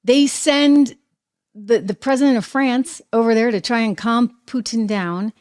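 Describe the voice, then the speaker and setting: A woman with a New Hampshire accent hosting an opinionated political commentary show, talking in an animated, sarcastic way. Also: a little high, unhurried. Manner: animated, sarcastic, mimics people, laughs often.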